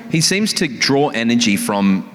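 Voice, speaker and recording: An Australian man hosting an on-stage interview, jokey and halting, full of restarts. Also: medium pitch, big pitch swings, fairly bright tone. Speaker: interviewer host. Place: large town hall ballroom. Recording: long reverb of a large hall.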